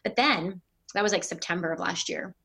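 A middle-aged woman, a pastor, telling a personal story in a casual interview, with animated voices when she quotes people. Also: lowish voice, normal speed, creaky.

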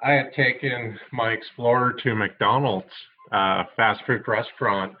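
A man's voice: medium pitch, steady tone, a little slow. A man mentor casually starting a story in an easygoing way. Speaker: youth mentor. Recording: tinny phone line with faint noise.

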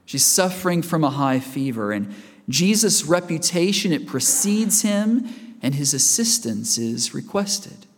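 Slow-speaking preacher in a church. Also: male voice, on the high side, big pitch swings. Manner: conversational, asks the congregation questions. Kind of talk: sermon. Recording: reverberant church hall.

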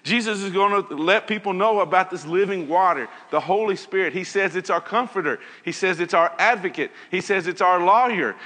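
Man, Bible teacher, high bright voice, earnest, hall reverb. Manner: earnest, repeats phrases, reads scripture aloud. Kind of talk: evening Bible lesson.

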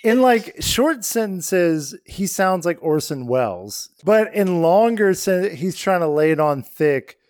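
A man's voice: sits high, lively intonation, slow pace, hardly any pauses, darkish tone. A man co-hosting a film podcast in a casual chat, making wry, dismissive critiques. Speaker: podcast co-host.

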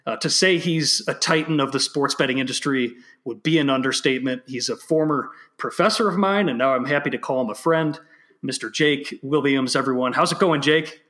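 A man's voice: a little high, brisk, few pauses. A young man hosting a podcast interview, talking casually with many fillers and restarts. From Chicago area. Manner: relaxed, rambling with fillers and restarts. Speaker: podcast host.

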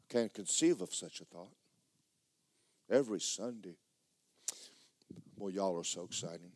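A pastor, preaching a sermon and telling a personal story with emotion, often repeating himself and speaking straight to the congregation. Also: male voice, fairly low pitch, sing-song, normal speed, pauses often, no echo.

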